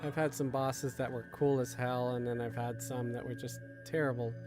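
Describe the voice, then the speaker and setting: A man's voice: mid-range voice, flat delivery, normal speed, over music. A man from Queens chatting casually while playing an online game, rambling and self-deprecating. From Queens, New York. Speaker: gamer streamer. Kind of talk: casual chat while gaming.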